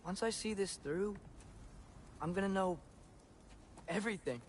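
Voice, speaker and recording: A man's voice: sits high, unhurried, a little hiss or hum. An actor playing an earnest, slightly awkward teenage boy on a quest, in video game dialogue. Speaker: player character. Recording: game audio over music.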